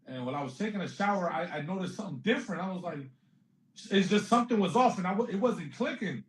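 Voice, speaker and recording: Talking fast in a high voice, a comedian guest tells animated stories during casual interview chat. He acts out what people said and laughs frequently, with echo from the room.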